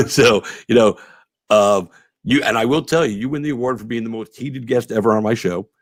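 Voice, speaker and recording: A man's voice: medium pitch, moderate pace, no echo, clean studio sound. A man hosting his own podcast, chatting casually with a guest, rambling with many fillers. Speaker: podcast host. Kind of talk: casual interview.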